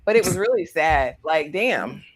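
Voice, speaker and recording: A woman's voice: low voice, expressive, a little slow. A woman earnestly critiquing a TV character in a casual recap discussion. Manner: earnest, opinionated and reflective.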